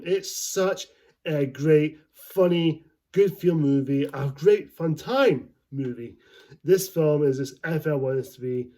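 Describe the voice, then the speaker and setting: A man's voice: a little high, mellow. A man giving a casual movie review, rambling and enthusiastic and laughing often as he talks.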